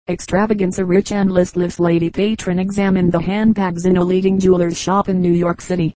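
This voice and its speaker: A woman's voice: on the low side, a little fast, few pauses, no room sound, poor audio. A woman narrating an audiobook of short humorous anecdotes, reading evenly and lightly voicing the quoted lines. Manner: even storytelling read, voicing quoted lines.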